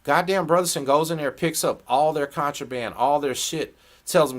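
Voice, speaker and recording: A man's voice: fairly high pitch, normal speed. Profane man telling prison stories. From Texas. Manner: animated, profane prison storytelling with acted quotes. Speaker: podcast host. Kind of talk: casual storytelling chat.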